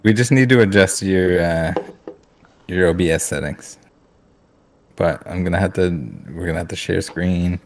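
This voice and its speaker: A man's voice: low-pitched, normal speed, pauses often, slight background noise. A man co-hosting a live podcast, joking around and laughing often. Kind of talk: casual chat on a live podcast.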